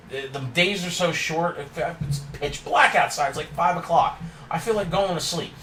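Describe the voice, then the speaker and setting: A man's voice: mid-range voice, a bit bright, reverberant, far from the mic, a little hiss or hum, poor audio. A man hosting a casual wrestling recap, opinionated and ranting with frequent laughs. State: yawning and tired.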